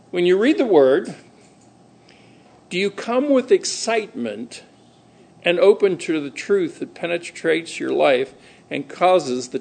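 A middle-aged man delivering a sermon with a fairly high voice for a man. He preaches in a lively, conversational way and slips into acted-out voices for quoted conversations. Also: gravelly. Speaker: pastor.

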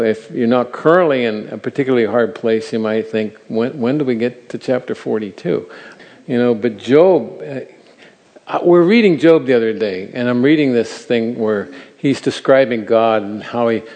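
Older guy teaching the bible to a crowd, earnest and lively, lots of questions, big echoey hall, middle pitch. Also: moderate pace. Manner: earnest, animated, asks the listeners rhetorical questions. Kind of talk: Bible teaching to a live audience. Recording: reverberant hall.

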